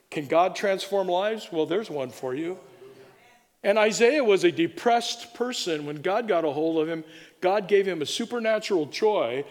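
A man preaching a sermon in a church, animated and exuberant, often repeating words in quick bursts. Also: high voice. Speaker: pastor. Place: church sanctuary. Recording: long reverb of a large room.

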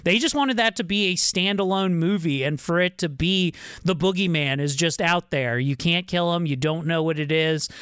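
Smooth-voiced man chatting about movies. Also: fairly high pitch, moderate pace, few pauses, fairly bright tone, dry recording, studio quality. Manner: loose and chatty, laughs often, swears casually. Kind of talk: casual movie discussion.

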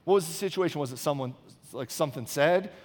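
A high-pitched male pastor in his thirties preaches a sermon in a chatty, storytelling way, stopping often to check in with the crowd. His voice carries a long reverb, as if it fills a big church hall. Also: quick pace, darkish tone. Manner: conversational, storytelling, frequent "okay?" check-ins.

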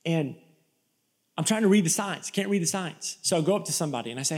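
A male pastor from Florida preaching an energetic, emphatic sermon to a live church audience, with storytelling asides. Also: on the high side, quick pace. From Florida, USA.

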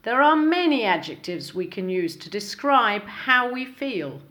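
A woman hosting an English lesson podcast, speaking slowly and clearly from a script, with exaggerated intonation in her examples. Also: a little high, big pitch swings, fairly bright tone. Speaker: English teacher, podcast host.

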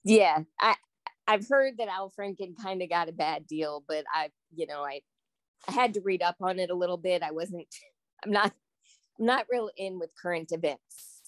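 A woman's voice: on the low side, normal speed, no room sound. A woman speaking as a guest with her brother, chatty and blunt, laughing often. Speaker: guest, host's sister. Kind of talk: casual chat.

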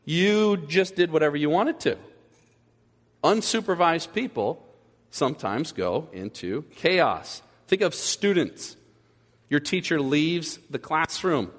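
A man preaching a sermon as pastor, animated, acting out little scenes in other voices as he goes. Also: fairly high pitch, measured pace. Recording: echoey hall with long reverb.

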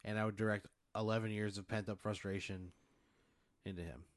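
Guy going along with a what-if story, lowish voice, cursing and fed up. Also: steady tone, brisk, no room sound, studio quality. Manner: answers in character, swearing and exasperated. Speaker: guest playing along. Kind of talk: casual improvised chat.

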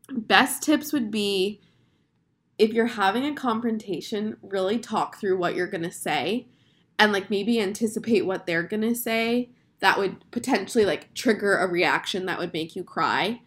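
A young woman in her twenties chats through advice in a relaxed, earnest way. Her talk is loose and full of fillers, and her pitch sits at an ordinary middle level for a woman. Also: a little slow. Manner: chatty, filler-heavy, earnest. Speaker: advice podcast host. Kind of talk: casual advice chat.

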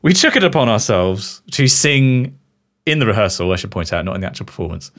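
Young English man, podcast co-host, animated pitch, quick to laugh. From England. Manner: animated, laughs often, jokey. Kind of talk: casual chat.

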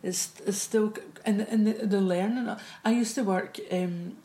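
A woman's voice: mid-range voice, steady tone, unhurried, warm tone. Scottish woman host, casual chatty delivery with restarts, roomy recording. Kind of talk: casual chat. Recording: roomy echo.

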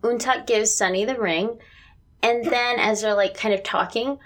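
A woman with a Southern US accent co-hosts a relaxed chat about a TV drama. She talks in a chatty, easy way and giggles often, her voice jumping up whenever something amuses her. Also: fairly high pitch, moderate pace. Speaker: podcast co-host. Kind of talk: casual chat recapping a TV drama.

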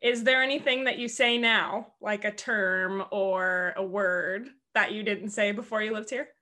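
Woman, American accent, young adult, chatty, filler-heavy, bright tone. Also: medium pitch. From United States. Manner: chatty, fast, many "like" fillers. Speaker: interviewer and teammate. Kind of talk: casual conversation.

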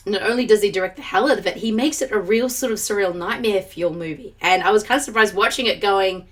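A woman joins a film podcast while still recovering from the flu, and her voice sounds weakened. She talks enthusiastically, with quick asides and laughs. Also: mid-range voice. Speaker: podcast guest and fellow host. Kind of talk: casual film podcast chat.

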